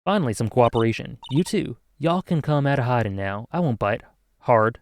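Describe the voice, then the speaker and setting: A man voicing a feisty, loud Southern woman photographer with a put-on drawl and folksy, challenging talk. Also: medium pitch, animated, moderate pace, slight background noise, lightly acted. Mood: friendly.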